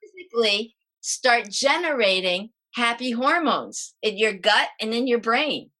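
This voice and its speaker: A middle-aged woman, a parenting coach, explaining calming techniques as a podcast guest in a lively way and acting out the steps. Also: on the high side, measured pace. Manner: lively, demonstrating exercises as she explains.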